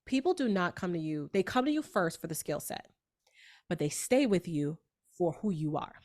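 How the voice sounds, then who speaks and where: A woman in her thirties from New York with a New York accent, a beauty industry coach telling lively stories in a podcast interview. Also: on the low side, moderate pace. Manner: animated storyteller, acts out voices.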